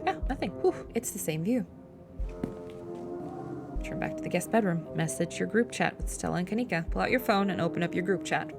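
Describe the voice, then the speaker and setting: A woman's voice: lowish voice, fairly quick, music in the background. A woman streamer reading a visual novel aloud, joking, swearing and reacting with squeals and laughs. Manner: playful, crude, bursts into squeals and laughs. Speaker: game streamer.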